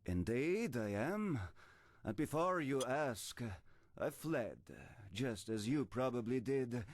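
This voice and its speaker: A man's voice: mid-range voice, lively intonation, slow pace, no echo. A flamboyant exiled merchant with a vaguely French-sounding accent, his voice swooping up and down with theatrical flair. He speaks floridly, with a dramatic, artistic air. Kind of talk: game character dialogue.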